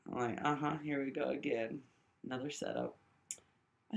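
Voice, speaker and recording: A woman telling a rambling personal story to the camera, swinging between high exclaims and low mutters and often checking in with the listener. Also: big pitch swings, moderate pace, vocal fry. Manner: keeps checking in with the listener with "right?".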